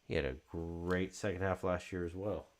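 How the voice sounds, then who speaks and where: A man's voice: low-pitched, fairly even intonation, moderate pace. A man hosting a card break, chatting casually and calling out card names as he opens packs.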